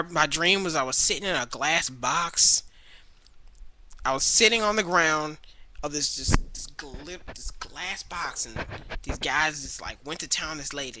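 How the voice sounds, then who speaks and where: A young man ranting casually to his webcam about movies he has watched, rambling and restarting often, sometimes mimicking people in a high voice. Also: pushed and bright, no echo, rough recording. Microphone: webcam mic.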